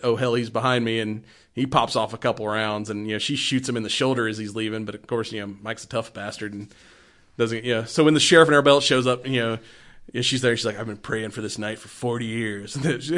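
A man's voice: medium pitch, fairly even intonation, fast, fairly bright tone. A man in casual chat, retelling a movie in a rambling way, laughing often and swearing freely.

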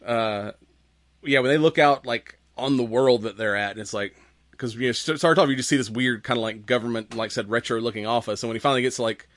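Bright, rambling podcast guy. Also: medium pitch, fast talker, no room sound, studio quality. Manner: rambling, profane, laughs often. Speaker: podcast co-host. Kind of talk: casual chat.

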